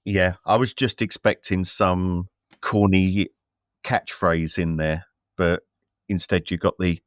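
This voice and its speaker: A man's voice: sits low, steady tone, slow pace, clear, resonant tone, no echo, dull audio. A man co-hosting a casual film review chat, rambling with many fillers and restarts. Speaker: podcast co-host.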